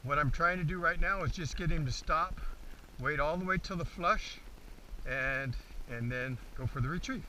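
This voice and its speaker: A man's voice: fairly high pitch, moderate pace, sharp tone. A man demonstrating dog training outdoors, explaining to the camera between commands to his dog. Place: outdoors in a field. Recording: distant outdoor recording, faint background noise.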